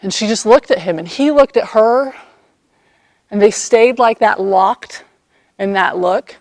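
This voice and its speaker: A woman vlogger telling a personal story in a lively way, acting out the quoted lines and laughing often. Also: medium pitch, unhurried, dry recording.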